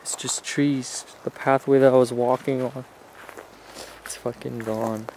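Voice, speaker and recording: A man in a comic found-footage parody, filming himself on a handheld camera outdoors in a forest. He fakes panic, jumping between hushed whispers and high squeals. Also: flat delivery, a little slow, slight background noise, rough recording. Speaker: amateur filmmaker playing a lost hiker.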